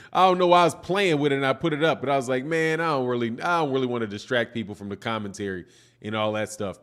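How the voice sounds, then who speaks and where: A man's voice: mid-range voice, fast talker, fairly bright tone, clean tone. Laid-back man hosting a live boxing stream. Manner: laid-back, rambling, peppers talk with "man". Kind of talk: casual live-stream chat, reading viewer comments.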